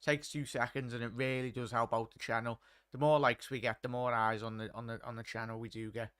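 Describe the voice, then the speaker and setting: A man's voice: mid-range voice, level tone, brisk, fairly bright tone, clean tone, no echo, studio quality. A young man hosting a live match watchalong, commentating casually and chatting to viewers. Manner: chatty, laddish, reads chat aloud. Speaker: watchalong host.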